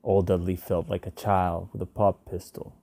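A man narrating a short story in a measured, subdued way. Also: low voice, little pitch movement, creaky, mellow, no room sound. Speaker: reader.

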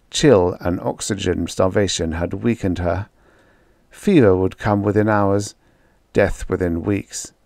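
A man reads a science fiction story aloud as an audiobook narrator, in a low-pitched voice. His delivery is steady and dramatic, scripted narration paced for tension. The sound is dry and close to the mic. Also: dry recording.

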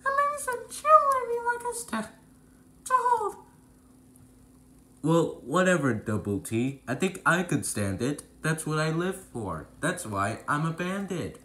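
Man doing a nasty bandit, high squeaky voice, scheming, storybook villain. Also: wildly swooping pitch, a little slow, sharp tone, roomy sound, full character voice. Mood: boastful. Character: nasty sneering male bandit creature.

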